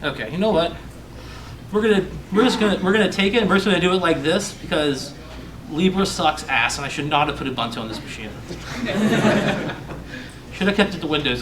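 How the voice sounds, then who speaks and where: A young man with a fairly high voice gives a loose, profane conference talk. He jokes at his own expense, and his voice rings around a roomy, echoey hall. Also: fairly bright tone, a little hiss or hum. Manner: loose, profane, joking, self-mocking. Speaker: conference speaker.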